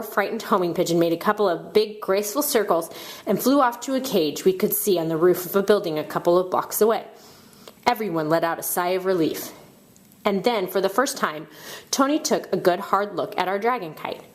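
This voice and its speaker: A woman narrating a children's book aloud with expressive storytelling. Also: medium pitch. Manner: expressive storytelling, shouting out characters' cries.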